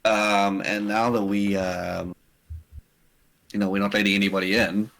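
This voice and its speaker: A man's voice: fairly low pitch, moderate pace, gravelly, poor audio. South African man in casual chat. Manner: animated, self-deprecating, laughs often. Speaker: guest.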